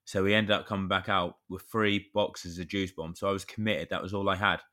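A man's voice: sits low, flat delivery, fairly quick, bright, forceful tone. A man, co-hosting a podcast and telling a rambling story in casual chat. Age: 30s. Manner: rambling storyteller, chatty with mild swearing. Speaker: podcast co-host.

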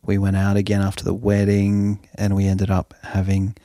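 A man's voice: fairly low pitch, completely flat delivery, moderate pace, warm tone, dry recording, clean studio sound. A man from Australia, co-hosting a podcast and telling anecdotes in a chatty, self-interrupting way. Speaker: podcast co-host. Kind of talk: casual chat.

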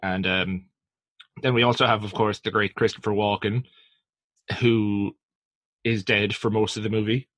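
A man with a low voice shares his views in casual podcast chat about a film. He hedges a lot and leans on fillers, keeping a measured tone. The recording is dry and close. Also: fairly even intonation, a bit bright, no echo. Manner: hedging, filler-heavy, measured. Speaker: podcast co-host.

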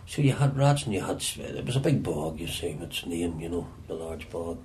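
A Northern Irish man with a very low voice recalls his past in an unhurried interview. He often halts and repeats words as he feels his way. Faint noise sits under his speech. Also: sing-song, a little mellow. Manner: halting, repeats words as he searches for them. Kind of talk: reflective storytelling.

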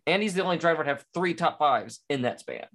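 A man's voice: a little high, expressive, fast talker, a bit bright. A man co-hosting a casual podcast chat, talking with lots of fillers, restarts and hesitant starts. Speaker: podcast co-host. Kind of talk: casual chat about motor racing.

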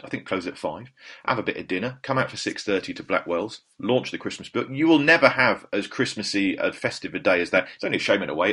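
A man's voice: fairly low pitch, fairly bright tone, breathy edge. A man hosting a podcast, telling a rambling, self-deprecating story in a casual, chatty monologue. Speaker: podcast host.

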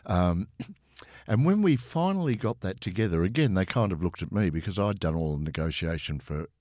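A man, a podcast guest telling anecdotes in a relaxed, chatty way. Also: low voice, moderate pace, no room sound, clean studio sound. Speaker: interview guest, former tour manager. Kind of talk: relaxed storytelling.

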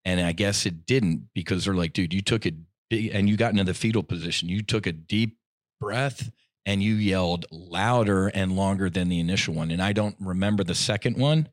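A middle-aged man telling a personal story in casual podcast talk. He is animated and slangy, and his voice swings between loud bursts and hushed asides. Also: deep voice, brisk, dry recording, studio quality. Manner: slangy, says "dude" and "I'm like". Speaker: podcast guest.

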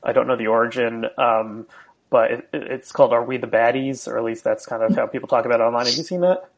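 A man with an average pitch hosts a podcast conversation. He talks in a loose, rambling way and sometimes restarts his sentences. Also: fast talker, creaky. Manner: relaxed, rambling with fillers and restarts. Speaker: podcast host. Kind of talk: casual conversation.

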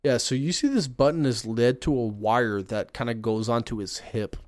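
A man's voice: mid-range voice, normal speed, no echo. A man running a tabletop game as game master, describing scenes and calling for rolls. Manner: descriptive, relaxed, rolls of dice.

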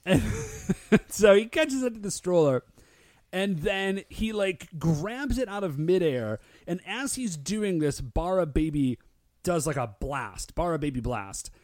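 Male co-host, bright upper register, gushing filler-heavy delivery. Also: high-pitched, slow pace, dry recording, clean studio sound. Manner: excitable, filler-heavy with lots of "like". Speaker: podcast co-host. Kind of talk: casual recap chat.

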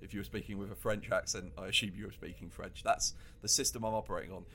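A man co-hosting a casual comedy chat, animated and laughing often as he riffs. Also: lowish voice, fast, slight background noise. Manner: animated, laughs often, acts out quoted lines. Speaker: podcast co-host.

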